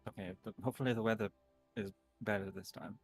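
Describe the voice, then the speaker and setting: A man's voice: on the low side, fast talker, gravelly, breathy edge, faint music behind. A man playing a tabletop game, talking in a laid-back, mumbling way. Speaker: player. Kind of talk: casual game chat.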